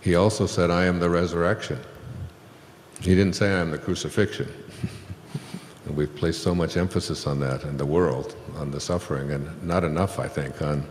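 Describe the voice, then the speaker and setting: A man's voice: sits low, fairly even intonation, moderate pace, darkish tone, a little hiss or hum. A man speaking on stage about spiritual ideas, telling a story in a rambling way with many fillers and small chuckles. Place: hall with an audience. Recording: echoey hall recording.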